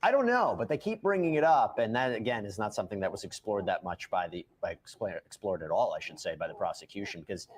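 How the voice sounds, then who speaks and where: A man hosting a live news commentary show, animated and quick, often jumping in over his guest. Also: lowish voice, slight background noise.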